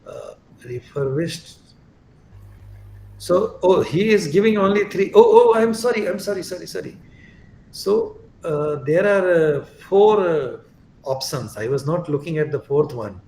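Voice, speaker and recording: Lively-voiced male teacher in echoey room. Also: on the high side, measured pace, slight background noise. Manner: explains step by step, often checks "get it?". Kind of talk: live online class explanation.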